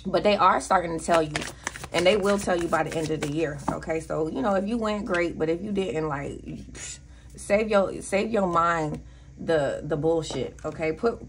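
Southern lady doing a tarot reading, low-ish voice, curses a lot, kinda preachy. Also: slight background noise. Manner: blunt and profane, preachy asides. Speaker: tarot reader.

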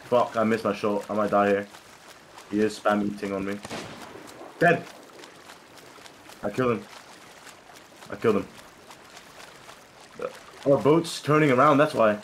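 A young man with a lowish voice plays a game while chatting with his teammates, excitable and quick to swear. He breaks into sudden loud bursts. Clear boat and water game sounds run underneath his voice. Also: a little hiss or hum. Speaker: game streamer. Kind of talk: casual gameplay chat with teammates.

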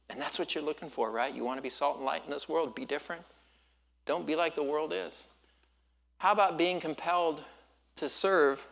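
A male pastor from Southern California preaching a sermon in a relaxed storytelling way, with surfer slang and quick laughs. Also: fairly high pitch.

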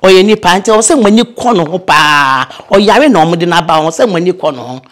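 A woman's voice: lowish voice, a little fast. Casual older woman telling old stories, slips english phrases in, chatty. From Ghana. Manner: lively storyteller, mixes in English phrases. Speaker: veteran actress, guest. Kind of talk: casual interview, reminiscing.

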